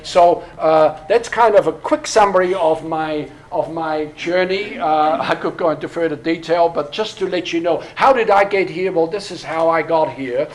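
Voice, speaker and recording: A man's voice: fairly high pitch, moderate pace, few pauses, poor audio. A man, telling a long personal story at a church workshop, full of fillers and restarts. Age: 60s. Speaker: pastor. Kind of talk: workshop talk to a church audience.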